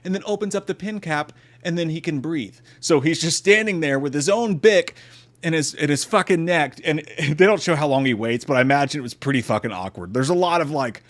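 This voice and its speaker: A man's voice: a little high, a little fast. A man giving a casual comedic film review, sarcastic and profane, who often slips into mocking impressions. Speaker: movie review host.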